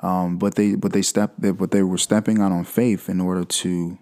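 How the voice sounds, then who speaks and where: A man's voice: low-pitched, level tone, moderate pace, dark tone. A young man hosting a devotional podcast, talking through scripture in a loose, conversational way with frequent "right?" asides. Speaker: podcast host. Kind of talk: casual devotional podcast talk.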